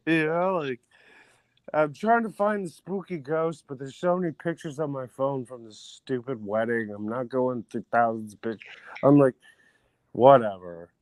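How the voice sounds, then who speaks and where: A man guest on a casual talk show, telling a story in an animated way and acting out quotes. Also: medium pitch, normal speed, no room sound.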